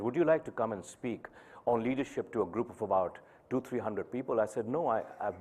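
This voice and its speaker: A man's voice: medium pitch, a little mellow. Man telling a moving story on stage. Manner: storytelling, acting out dialogue. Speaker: speaker. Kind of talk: inspirational talk. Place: conference hall stage.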